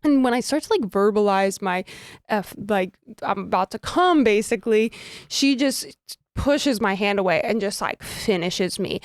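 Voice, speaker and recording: A woman co-hosting a candid, casual podcast chat, telling stories in an animated way, laughing often and filling with "like". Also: mid-range voice, normal speed, dry recording, studio quality. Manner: giggly, animated storyteller with many fillers. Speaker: podcast co-host.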